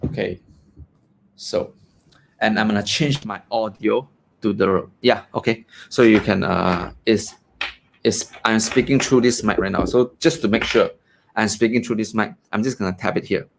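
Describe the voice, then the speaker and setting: At his home desk, a male tech reviewer casually demos a USB desk condenser mic, chatty and full of fillers, tagging "right?" onto his points. His fairly low voice has vocal fry and a moderate pace, with background noise audible.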